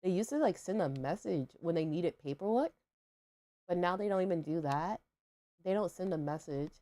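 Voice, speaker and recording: A young woman with a low, mellow voice talks casually to her stream while playing. She rambles, fills gaps with "like" and "um", and questions herself along the way. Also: lively intonation, normal speed. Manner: rambling, filler-heavy, self-questioning. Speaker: livestream host. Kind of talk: casual chat while gaming.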